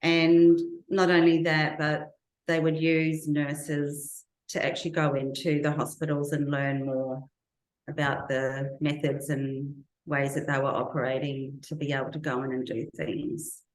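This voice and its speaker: A woman with a low voice tells her own story earnestly in an interview, slowly building up remembered details. The sound carries a noticeable echo from the room around her. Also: level tone. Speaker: interview guest. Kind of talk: personal testimony in an interview.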